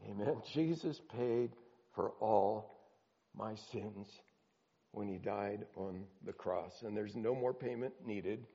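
A man delivers an earnest sermon, pressing his points with swelling emphasis before dropping low again. His voice sits on the higher side. The sound is muffled, with a long reverb trailing off the walls. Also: dark tone. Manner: earnest, emphatic preaching with rising and falling intensity. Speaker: pastor.

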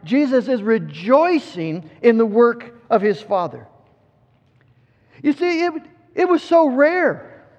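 A man delivers a sermon in a strikingly high voice, earnest and emphatic, stumbling and repeating words as he builds each point. The sound is dull and muffled. A long reverb trails his voice through a large hall. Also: sing-song, slow, darkish tone. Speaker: preacher.

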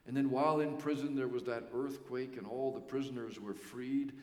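A male pastor preaching a sermon with earnest emphasis and pauses that let key words land. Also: medium pitch, steady tone, darkish tone. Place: church sanctuary. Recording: echoey church hall.

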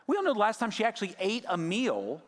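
A male pastor preaching a sermon, swinging from raised emphasis down to hushed, near-whispered lines. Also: sits high, wildly swooping pitch, fast, big-room sound.

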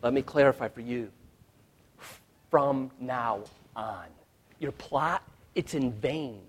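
A male pastor preaching a sermon, swinging from hushed, quiet lines to loud shouted ones. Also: medium pitch, takes it slowly, slightly rough.

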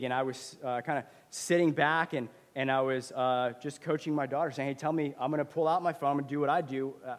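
A middle-aged man preaches in a casual, conversational way, his voice carrying a long reverb from a church hall. His pitch sits in the middle of the male range, and his storytelling grows lively. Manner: conversational, animated when retelling a story. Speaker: pastor. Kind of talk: sermon with personal storytelling.

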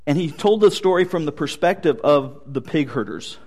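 A man's voice: a little high, expressive, moderate pace, a little mellow. A male pastor preaching a sermon, telling stories with light humor.

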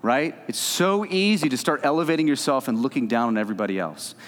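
A man preaching a sermon as pastor, animated and emphatic, swinging between loud stretches and soft, low ones. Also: fast. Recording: reverberant hall.

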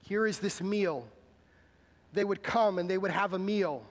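A man's voice: sits high, a little slow, in a large hall. A man preaching a sermon, talking conversationally and asking the congregation questions. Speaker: pastor. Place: church sanctuary.

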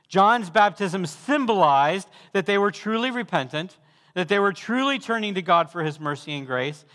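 Fervent high-voiced male preacher in a hall. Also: fairly bright tone. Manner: fervent preaching, building to emphatic repeated calls. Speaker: pastor. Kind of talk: sermon.

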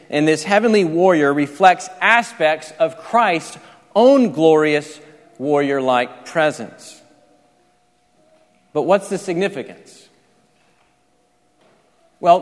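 A man preaching a sermon, explaining scripture step by step and often restarting his sentences. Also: on the high side. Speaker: pastor. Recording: reverberant large hall.

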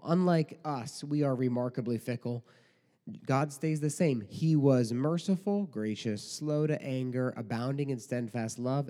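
A pastor with a warm, mid-range voice preaches a sermon conversationally, packing it with rhetorical questions and mock quotes. The recording carries a long hall reverb.

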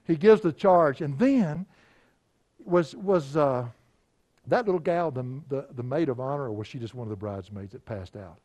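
A middle-aged male pastor preaches in an easy, conversational way. He moves from story to story and chuckles along the way. His voice sits at an ordinary middle pitch. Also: lively intonation, normal speed, darkish tone, muffled recording. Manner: folksy, conversational, chuckling anecdotes. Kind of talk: storytelling sermon.

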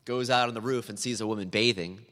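A man's voice: on the low side, steady tone, quick pace, fairly bright tone, long reverb tail. A man preaching a sermon in a church, earnest and building to emphatic, repeated appeals. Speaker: pastor.

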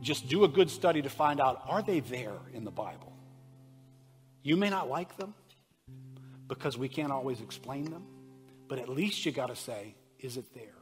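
A man preaching a sermon to a congregation, moving from conversational asides to loud, impassioned passages and asking the room direct questions. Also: medium pitch, expressive, normal speed, pauses often. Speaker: pastor. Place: church sanctuary. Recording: preached in a reverberant hall, soft guitar behind.

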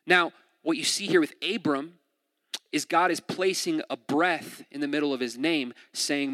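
A young man preaching in a relaxed, conversational way, his voice bright and forceful and pitched a little high. He jokes, laughs easily and often stumbles back over his words. The sound is close and dry, with no room echo. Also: normal speed. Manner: jokey, laughs often, restarts mid-sentence. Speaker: pastor. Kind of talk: conversational sermon.

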